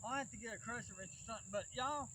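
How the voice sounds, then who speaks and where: Host for a backyard wrestling vlog: a very high-pitched man with a Southern Alabama accent, rambling and worried, recorded outdoors among insects. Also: racing, pushed and bright, slight background noise, low-quality recording. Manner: rambling and fretful, with restarts. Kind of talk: casual rambling vlog talk.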